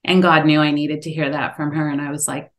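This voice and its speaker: Woman in her 40s or 50s, low pitch, heartfelt and animated, telling her own story. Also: a little fast. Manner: earnest, animated when quoting others. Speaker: podcast guest, author. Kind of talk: personal storytelling in an interview.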